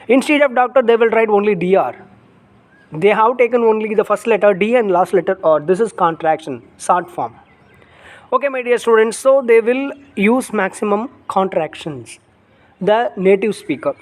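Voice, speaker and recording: A man with a Tamil accent, a native Tamil speaker, teaching an online English lesson, repeating phrases and calling viewers his dear students. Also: high voice.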